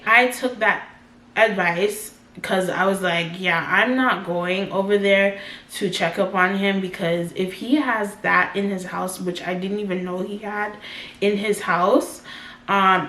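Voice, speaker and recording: A woman's voice: mid-range voice, pushed and bright. A woman in her twenties from Canada, telling a personal story in a chatty vlog style and acting out her own side of conversations, with a lot of "like". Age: 20s. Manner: chatty, heavy use of "like", quotes herself in dialogue. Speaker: vlogger. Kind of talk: casual storytime narration. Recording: echoey room, faint background noise.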